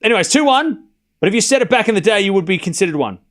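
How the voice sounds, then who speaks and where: A man's voice: sits high, lively intonation, very fast, fairly bright tone. A man livestreaming casual tennis play-by-play, calling scores and bantering animatedly with his chat.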